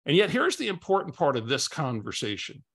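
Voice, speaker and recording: A man's voice: fairly high pitch, big pitch swings, fairly quick, fairly bright tone, breathy edge. A man coaching through a webinar, telling a story in a conversational way and often repeating words as he goes. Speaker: business coach.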